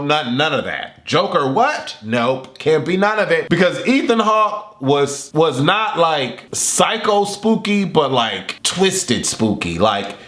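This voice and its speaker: Host-type guy for a movie review vlog: excitable and theatrical, pitch swinging wide, bright, forceful voice. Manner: animated and excitable, acts out his reactions and yells at the screen. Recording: echoey room.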